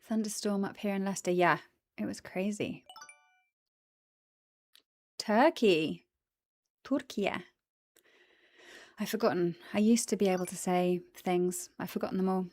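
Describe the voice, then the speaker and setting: A woman's voice: medium pitch, steady tone, moderate pace, pauses often, a little mellow, no room sound. A woman chatting casually on a livestream, greeting viewers, giggling, tired after the gym. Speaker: streamer.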